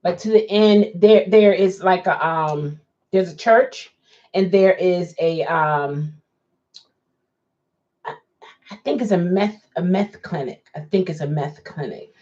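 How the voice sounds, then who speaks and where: A woman's voice: fairly low pitch, slow pace, long pauses, mellow. A woman, a rideshare driver chatting casually with viewers, rambling and restarting her sentences. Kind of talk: casual live chat, answering viewers. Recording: dull lo-fi sound.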